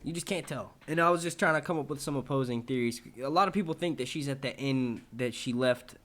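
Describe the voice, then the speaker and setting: A man's voice: mid-range voice, a little fast, a bit bright. Chatty, profane male live-streamer. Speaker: vlogger answering viewer questions. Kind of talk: casual live-stream chat.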